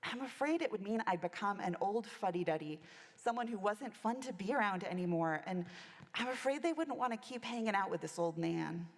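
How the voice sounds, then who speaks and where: A woman minister quoting a cheerful man in his sixties who quietly confides his fears as a hospital patient. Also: medium pitch, expressive, fairly quick. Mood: confiding. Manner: quiet, confessional. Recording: long church reverb.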